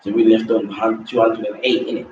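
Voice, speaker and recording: A man's voice: on the low side, flat delivery, fast, darkish tone, highs cut off, a little hiss or hum. A man hosting a casual football rant, rambling, repeating himself and dismissing players in slang. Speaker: host. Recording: echoey room from far off mic.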